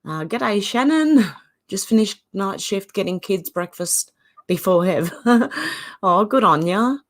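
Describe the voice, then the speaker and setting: A woman's voice: mid-range voice, animated, slow. An Australian woman hosting a casual livestream, greeting viewers by name and reading their comments aloud. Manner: greets chatters and reads comments aloud, chatty. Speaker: livestream host. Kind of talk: casual live-chat talk.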